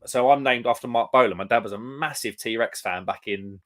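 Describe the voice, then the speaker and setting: A man's voice: fairly low pitch, moderate pace, a bit bright. Young english guy rambling on a live stream, says mate and um loads. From England. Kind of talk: casual chat reading out live comments.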